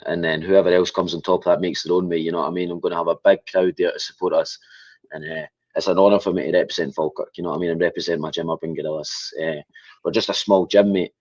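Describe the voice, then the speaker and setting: A deep-voiced Scottish man who talks quickly and casually. He is an upbeat MMA fighter who keeps tagging "mate" onto his answers. His voice comes through a dull, lo-fi call line. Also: a little mellow, dry recording. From Scotland. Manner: upbeat, often tags 'mate' and 'you know what I mean'.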